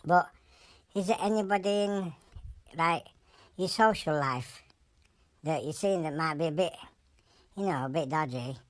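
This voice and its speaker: A low-voiced Yorkshire creature, played by a woman, rambles through jokes in broad dialect with a straight face. The voice sits deep for a woman. It is recorded dry and close. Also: a little slow, long pauses, dry recording. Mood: deadpan. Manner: deadpan, rambling joke-telling in broad dialect. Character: a blunt animal telling deadpan jokes.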